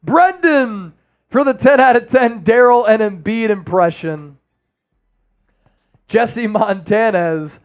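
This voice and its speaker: A man's voice: high voice, slow, long pauses, lo-fi sound. Joking male sports stream host. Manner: loose, joking, reads chat aloud. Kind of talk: casual livestream chat.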